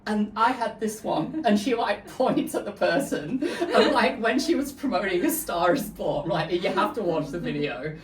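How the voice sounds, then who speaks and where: A woman's voice: medium pitch, moderate pace, hardly any pauses, a little hiss or hum. Giggly woman. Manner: giggly, animated storyteller who mimics quotes. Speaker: podcast co-host. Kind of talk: casual chat. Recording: echoey room, mic at a distance.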